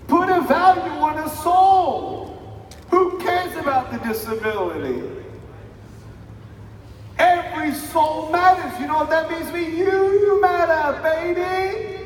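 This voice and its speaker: A man in his thirties delivers a fiery motivational speech, pushing the crowd to shout words back at him. His voice sits very high for a man. He sounds far from the mic in a big hall with a long echo. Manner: emphatic, preaching, with call-and-response and shouted lines. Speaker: motivational speaker. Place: large hall with a live audience. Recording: echoey hall, distant mic, crowd noise.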